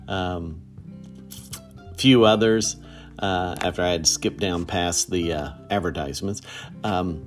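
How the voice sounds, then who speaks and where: A middle-aged man, hosting a casual solo podcast in a relaxed, rambling way with many fillers. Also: low-pitched, takes it slowly, long pauses, soft background music. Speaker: podcast host.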